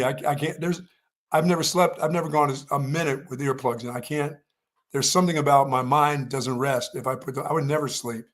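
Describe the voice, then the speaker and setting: A man's voice: fairly high pitch, a bit bright. A man co-hosting a sports radio show, chatting casually, rambling and repeating himself with stammered restarts. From Pennsylvania. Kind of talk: casual morning show chat.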